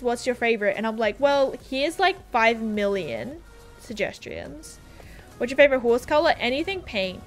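A young Australian woman chatting casually on a game livestream, rambling and giggling as she reads viewer comments aloud. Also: on the high side. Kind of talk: casual livestream chat while gaming.

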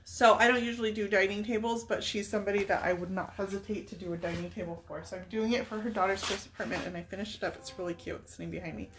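A woman films herself painting furniture and talks through every brushstroke in a loose, thinking-aloud way. She sounds like she is in her thirties or forties, her voice pitched in the middle. A faint hiss sits under the recording. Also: steady tone, fast, hardly any pauses, fairly bright tone. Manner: chatty, thinks aloud while working. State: tearful at times. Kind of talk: casual live painting demo.

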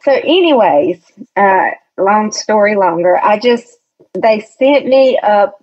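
A woman's voice: mid-range voice, expressive, takes it slowly. A woman telling a personal story as a podcast guest, chatty and hesitant, with many restarts. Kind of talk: casual storytelling chat. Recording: dull lo-fi recording.

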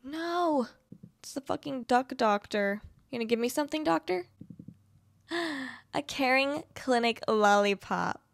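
A young woman in her twenties narrating her gameplay in a chatty, sarcastic ramble that swears offhandedly. Her voice sits a little high and comes across close and dry. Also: lively intonation, unhurried, vocal fry, no echo. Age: 20s. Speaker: gaming video creator. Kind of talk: casual gameplay commentary.

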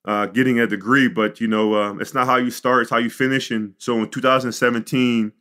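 A middle-aged man from the Chicago suburbs, a podcast guest telling his life story in an animated way, with frequent "you know" and "like". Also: medium pitch, a little fast. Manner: animated storyteller, acts out quotes. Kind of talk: storytelling interview.

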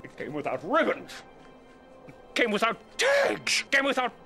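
An actor playing a grumpy green furry creature in a film, talking in a theatrical, rubbery voice that swings from growls to squeals. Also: male voice, very high voice, wildly swooping pitch, moderate pace, faint music behind, heavily acted. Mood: wondering. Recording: film audio under loud score.

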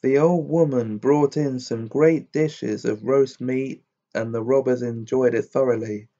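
Mellow man reading a fairy tale. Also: mid-range voice, steady tone, measured pace, dull audio. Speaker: storyteller. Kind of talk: fairy tale read aloud.

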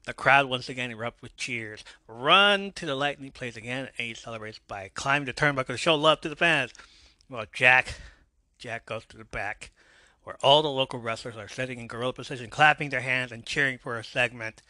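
A man's voice: medium pitch, a little fast, sharp tone, no room sound. A man hosting a podcast, recapping a show in a casual way and laughing at his own asides. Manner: reads scene aloud, imitating characters with a drawl, laughing asides. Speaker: podcast host.

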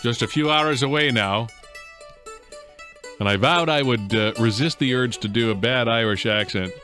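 A man's voice: mid-range voice, moderate pace, pushed and bright, soft background music. A man hosting a morning radio show, chatty and joking as he interviews a guest. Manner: chatty, joking, self-deprecating.

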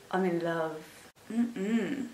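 A woman's voice: medium pitch, bright, forceful tone. A young woman doing a casual makeup tutorial, chatting in a rambling way and gushing over the products. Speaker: beauty vlogger. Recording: echoey room.

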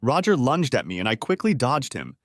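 Male narrator for a first-person drama story, animated delivery, close dry studio sound. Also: mid-range voice, normal speed, dry recording.

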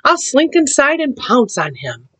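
A woman's voice: sits high, huge pitch swings, measured pace, a bit bright, voice pushed up, heavily acted. A woman voicing a sly female cat in a storybook. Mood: cocky. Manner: cocky, then squealing for help.

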